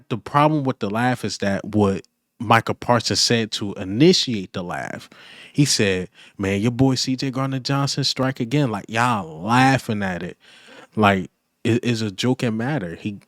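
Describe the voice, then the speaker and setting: A man's voice: lowish voice, measured pace, no echo, studio quality. Blunt, emphatic male sports commentator. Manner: blunt, repetitive, rising to emphatic. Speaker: fan channel host. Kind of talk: opinionated commentary.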